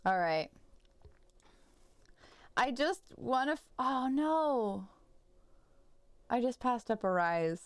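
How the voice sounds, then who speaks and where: A young American woman streams while gaming, chatting loosely with viewers and drifting between thoughts full of "like" and false starts. Her smooth, clean voice sits on the high side with lively intonation, and she speaks slowly with long pauses. The sound is dry and close, with no room echo.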